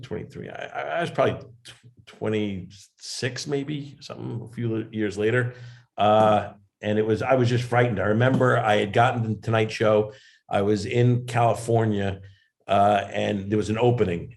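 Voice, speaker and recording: A man's voice: fairly low pitch, a little mellow. A man, a comedian and actor, telling rambling self-deprecating stories as a guest over a video call. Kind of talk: casual interview storytelling.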